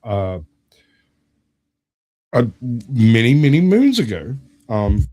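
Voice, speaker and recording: A man's voice: medium pitch, slow pace. A young man casually telling a long family story, laughing often and acting out the people he quotes. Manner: animated, laughs often, acts out quoted voices. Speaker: debate show guest.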